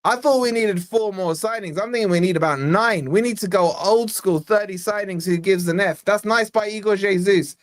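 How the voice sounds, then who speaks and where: A young man from Scotland hosting a live fan watch-along, giving exasperated, chatty play-by-play and reading out viewer shout-outs. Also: high-pitched, normal speed, few pauses. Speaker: fan channel host.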